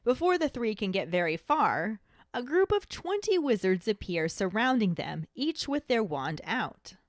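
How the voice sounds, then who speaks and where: Lively woman co-host, playful and punning. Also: mid-range voice, measured pace, no room sound, studio quality. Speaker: podcast co-host. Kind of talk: casual podcast chat and book comparison.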